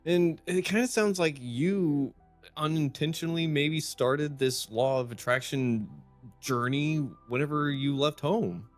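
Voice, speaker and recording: A man's voice: fairly high pitch, faint music behind. A man hosting a podcast interview, listening closely and chiming in with short affirmations. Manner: attentive, quick backchannel affirmations. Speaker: podcast host.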